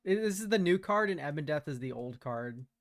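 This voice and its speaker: A young man giving relaxed, chatty commentary while playing a card game, laughing often and using casual slang. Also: fairly high pitch, fairly quick, dry recording, clean studio sound. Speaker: streamer.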